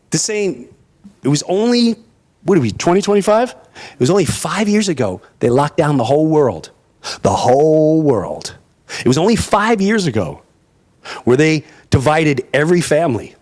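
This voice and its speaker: Fired-up man. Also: on the high side. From Long Island, New York. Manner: animated, emphatic, repeats phrases. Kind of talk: impassioned monologue.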